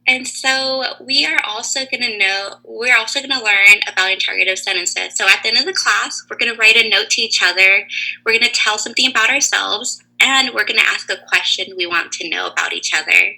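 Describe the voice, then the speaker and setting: A woman teaching a lesson to young children over a video call, asking slow, clear, encouraging questions. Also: medium pitch, sharp tone, poor audio.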